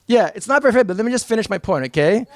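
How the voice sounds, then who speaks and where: Energetic high-voiced American man speaking. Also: rapid-fire, dry recording. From New York. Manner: energetic, blunt and emphatic, with mock voices. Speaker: motivational speaker. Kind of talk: live seminar talk to an audience.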